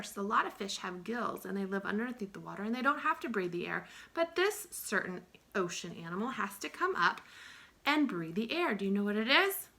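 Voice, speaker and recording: Bright-voiced woman teaching young children. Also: mid-range voice, lively intonation, creaky. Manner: sing-song, drawn-out sounds, drops to a whisper. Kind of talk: early-years lesson.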